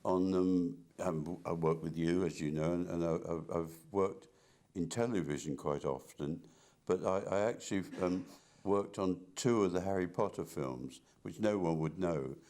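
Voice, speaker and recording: An older man with a very low, deep voice talks through his memories in a relaxed interview. He stumbles and restarts often and repeats words as he goes. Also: moderate pace. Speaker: interviewee, artist. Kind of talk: casual reminiscing conversation.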